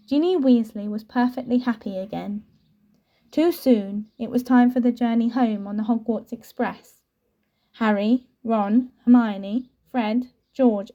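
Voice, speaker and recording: Mellow woman reading a story aloud. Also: a little high, dull audio. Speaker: audiobook reader.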